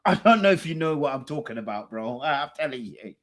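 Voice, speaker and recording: A man hosting a podcast, reacting to a dating show in casual, teasing commentary, swinging between loud excitement and hushed mimicry. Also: medium pitch, a little fast. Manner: animated, teasing, laughs, mimics people in a hushed voice.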